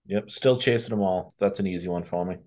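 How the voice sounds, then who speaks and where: Boston guy on a podcast, lowish voice, rambles and talks himself into stuff. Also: a little fast, a little mellow. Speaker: podcast guest. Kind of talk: casual podcast chat.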